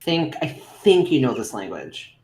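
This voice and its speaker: A woman's voice: rumbling low, big pitch swings, unhurried, dark tone. A woman co-hosting a stream, teasing her co-host dryly in casual chat. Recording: echoey room.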